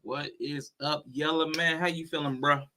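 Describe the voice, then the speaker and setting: A man hosting a casual stream chat, talking quickly and restarting his sentences as he greets people. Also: on the high side, steady tone, background noise. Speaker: host.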